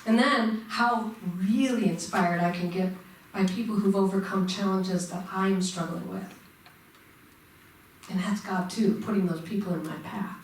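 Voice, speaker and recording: A woman's voice: mid-range voice, steady tone, unhurried. A woman minister preaches to her congregation, drawing them in with questions. Her voice rings around a very echoey church and sounds picked up from a distance. A faint hum of the room sits underneath. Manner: engaging, asks the congregation questions. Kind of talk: sermon. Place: church sanctuary.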